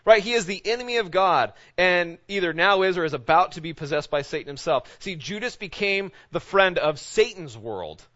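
A man preaching a sermon as a pastor, his voice a little higher than most men's. He asks one rhetorical question after another and keeps checking in with "right?". He swings from loud emphasis down to low, hushed intensity, and the recording sounds dull and lo-fi. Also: animated, moderate pace, few pauses.

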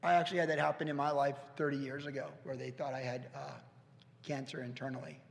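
A man's voice: medium pitch, little pitch movement, creaky, a little hiss or hum. A man in his fifties, a pastor giving an earnest, storytelling sermon in a church. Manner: earnest, storytelling, pauses and restarts. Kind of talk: conversational sermon. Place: church sanctuary. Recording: echoey church hall.

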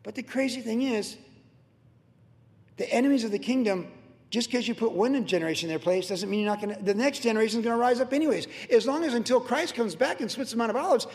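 A man preaching a sermon in an energetic, excitable way with chatty asides. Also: very high-pitched, fast talker. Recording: long hall reverb.

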